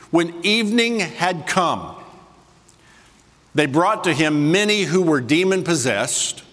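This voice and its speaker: A man preaches a sermon in a somewhat raised voice, slowing and softening for emphasis, then speeding into quick asides to the room. The sound carries a long reverb from the large church hall. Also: on the high side. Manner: swings between soft slow emphasis and quick asides to the congregation. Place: church sanctuary with a congregation.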